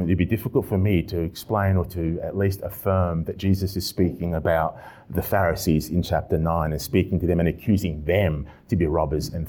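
A man pastor preaching an expository sermon with animated delivery and repeated emphatic phrases. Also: sits low.

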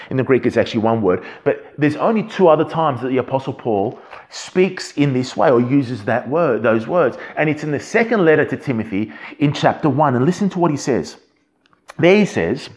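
Guy preaching a bible sermon, earnest and emphatic, mid pitch, keeps restarting his phrases. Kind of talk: expository sermon.

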